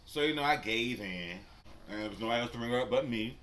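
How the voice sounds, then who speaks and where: A man vlogger telling a story casually while he eats, animated and profane, and talking straight to his viewers. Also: mid-range voice, fast talker, slight background noise. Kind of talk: casual storytelling during a mukbang.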